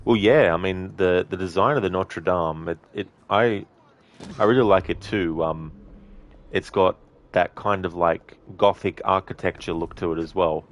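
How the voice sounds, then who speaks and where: Low-voiced man chatting while gaming. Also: normal speed. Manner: chatty, reads out chat messages, laughs often. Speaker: streamer. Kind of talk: casual gameplay commentary.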